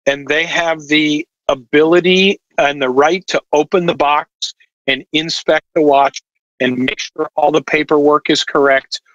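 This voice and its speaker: A man's voice: a little high, steady tone, unhurried, a bit bright, dry recording, lo-fi sound. A man talking as a podcast guest over a video call, explaining at length with lots of fillers. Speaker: watch distributor guest. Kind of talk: casual podcast chat.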